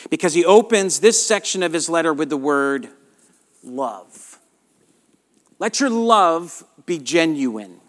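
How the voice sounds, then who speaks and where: A middle-aged man with a Southern US accent, a pastor preaching a sermon, earnest and hushed in prayer, then lively and emphatic. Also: high-pitched.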